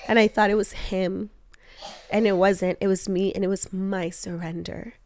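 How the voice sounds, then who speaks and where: A young adult woman telling a personal story in an animated way to her husband, laughing often and acting out the lines she quotes. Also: medium pitch, normal speed, a little hiss or hum. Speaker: co-host of a couple's talk show.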